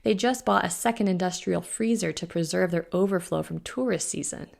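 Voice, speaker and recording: A woman's voice: on the low side, fairly quick, vocal fry. A woman reading an audiobook voices a determined young witch who speaks tersely and evenly. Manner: terse, even, earnest.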